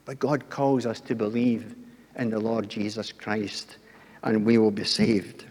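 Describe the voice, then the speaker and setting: A man's voice: lowish voice, level tone, measured pace, darkish tone, breathy edge, big-room sound. An older man preaching a sermon, telling the story with acted-out voices and asking the congregation questions.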